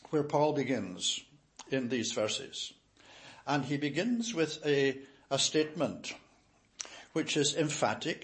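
An older male preacher delivers an expository sermon, reading a passage and then unpacking it phrase by phrase. His voice sits a little higher than most men's, and he stresses each point with measured emphasis. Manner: reads scripture aloud, then explains it slowly and emphatically.

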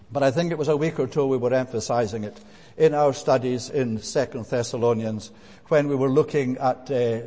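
A man's voice: medium pitch, dark tone. Emphatic male preacher in an echoing hall. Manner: emphatic, repeats points with rising stress, frequent "eh" and "uh" fillers. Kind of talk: sermon. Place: church. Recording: long reverb of a church hall.

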